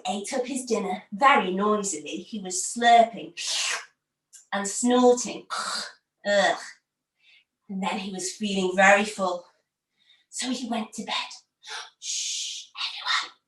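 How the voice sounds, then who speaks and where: A woman leading a live online children's yoga class as a story, animated and full of gasps and playful encouragement. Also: high voice. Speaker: kids' yoga teacher. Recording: roomy, distant from the mic.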